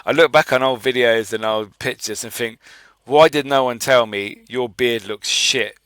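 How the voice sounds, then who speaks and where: A man's voice: mid-range voice, moderate pace, a bit bright, smooth, no room sound. A man co-hosting a podcast, chatting playfully and laughing often. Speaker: podcast co-host. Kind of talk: casual banter.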